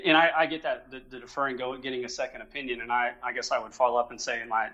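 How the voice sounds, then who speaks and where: A middle-aged man from Oklahoma, a Christian missionary, talking casually in a halting way with many restarts and fillers. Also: mid-range voice, fairly even intonation, sharp tone. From Oklahoma, USA. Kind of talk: casual conversation. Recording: dull lo-fi sound.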